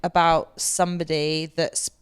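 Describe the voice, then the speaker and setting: A young English woman hosting a podcast, chatty and quick to laugh. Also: low-pitched, level tone, smooth. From England. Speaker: podcast host. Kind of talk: casual chat.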